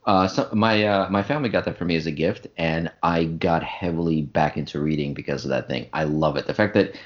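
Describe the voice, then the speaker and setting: A man's voice: a bass voice, a little fast. A man co-hosting a podcast in casual chat, emphatic and opinionated. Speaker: podcast co-host. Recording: dull lo-fi sound.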